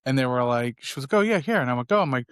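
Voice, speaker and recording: Animated middle-aged man, smooth close voice. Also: medium pitch, rapid-fire, dry recording. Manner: animated storyteller, acts out his kids' voices. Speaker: podcast co-host. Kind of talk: casual podcast chat.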